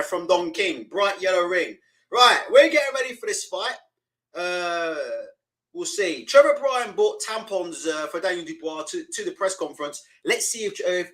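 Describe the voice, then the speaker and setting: A man's voice: sits high, a bit bright, low-quality recording. A young man hosting a live boxing watch-along, rambling and swearing as he reads chat aloud and calls the fight. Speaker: live stream host. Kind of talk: casual live-stream commentary.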